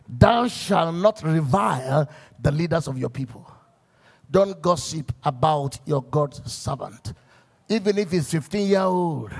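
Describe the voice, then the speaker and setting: Raspy high-voiced pastor preaching. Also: male voice. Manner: emphatic preaching with stories and scripture quotes. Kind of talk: sermon to church workers.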